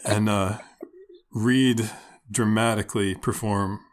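A man's voice: fairly low pitch, fairly even intonation, slow. A man co-hosting a podcast in casual chat, joking and rambling with restarts, his throat sore from wine. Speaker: podcast co-host. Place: garage.

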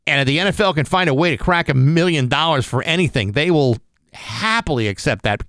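A man's voice: fairly high pitch, lively intonation, brisk, fairly bright tone, clear, resonant tone, dry recording. Chatty man co-hosting morning radio. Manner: chatty, reads station IDs and plugs. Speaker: radio morning show co-host. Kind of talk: casual morning radio banter. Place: radio studio. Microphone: studio microphone.

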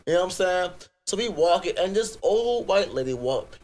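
A young man with a Virginia accent and a high-pitched voice co-hosts a crude comedy podcast. He tells his stories in a loud, profane, animated rant, breaking into sudden angry outbursts. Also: normal speed. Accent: US Southern, Virginia. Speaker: podcast co-host.

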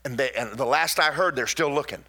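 A man preaching a sermon in a church, telling personal stories in an animated way, with sudden loud bursts and slowed, drawn-out emphasis. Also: mid-range voice, gravelly.

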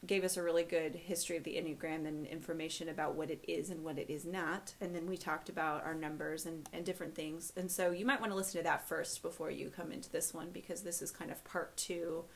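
A woman's voice: deep voice, fairly even intonation, quick pace, hardly any pauses, a little hiss or hum. A woman hosting a podcast in a casual, chatty way. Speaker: podcast host.

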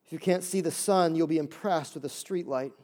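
A male pastor preaching a lively sermon, acting out little voices and jokes to make his points. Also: fairly high pitch, fairly quick. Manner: animated, acts out voices and jokes.

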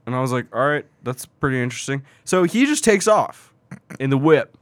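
A man in casual podcast chat, retelling a video game match in a lively, profane way with lots of fillers. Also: medium pitch, fairly quick, no room sound, studio quality.

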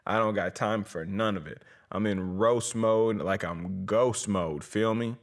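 Unhurried and on the low side, a young man's voice carries a casual comedic rant. Hosting his comedy podcast and promoting shows, he rambles through jokey, profane plugs.

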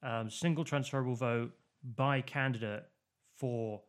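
A man co-hosts a chatty politics podcast, speaking at a middle pitch in a steady, unhurried tone. His talk is casual and unscripted, explaining at length and circling back with fillers and false starts.

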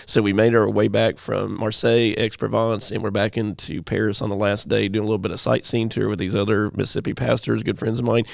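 A man's voice: on the low side, level tone, brisk, gravelly, few pauses, no echo, clean studio sound. A man, a pastor co-hosting a chat and telling a rambling story. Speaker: pastor, co-host.

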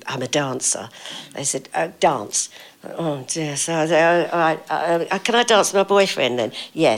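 An older woman telling stories as an interview guest, chatty, laughing often and acting out what people said. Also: low-pitched. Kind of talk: casual anecdotal storytelling.

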